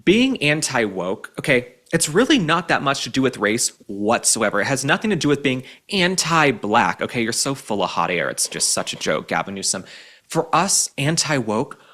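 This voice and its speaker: A man's voice: medium pitch, sing-song, moderate pace, sharp tone. A young adult man hosting an opinion commentary show, sarcastic, mocking and emphatic. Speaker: show host.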